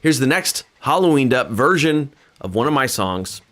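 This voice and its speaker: A man's voice: medium pitch, big pitch swings, normal speed, a bit bright. A Californian man hosting a casual livestream from home, talking in an earnest, rambling way with many restarts. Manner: rambling, earnest, self-deprecating, with frequent restarts. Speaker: livestream host and musician. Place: home, playing guitar. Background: faint guitar.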